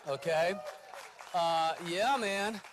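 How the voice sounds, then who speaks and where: A man's voice: high-pitched, drawn-out words, background noise. Rambling Texan man hosting a ceremony. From Corpus Christi, Texas. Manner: rambling, self-deprecating, lots of uh fillers. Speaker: awards ceremony host. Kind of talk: unscripted ceremony speech. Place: awards ceremony venue.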